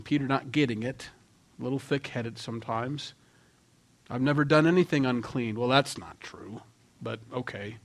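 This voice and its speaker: Man, pastor, sermon, conversational, acts out quotes, mid pitch. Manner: conversational, acts out quoted voices with shifts in loudness.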